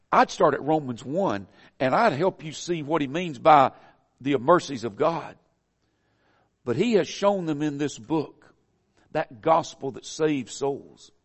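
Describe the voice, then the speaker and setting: A high-voiced man with a Southern US accent delivers a sermon, folksy and conversational, lifting his phrases to emphatic peaks. His voice carries a long hall reverb. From American South. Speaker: preacher.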